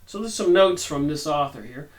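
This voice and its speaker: Guy reading a book out loud and chatting his own take, slightly high voice, sits back from the mic. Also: animated, moderate pace, recorded from a distance, rough recording. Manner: conversational, rambling asides. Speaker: channel host reviewing a book. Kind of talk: reading aloud with commentary.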